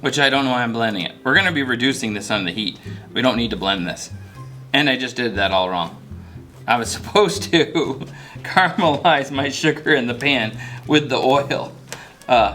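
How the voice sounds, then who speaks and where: A man's voice: mid-range voice, bright, forceful tone. A man hosting his own cooking video, chatting casually as he cooks and laughing at his own mistakes. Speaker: cooking channel host.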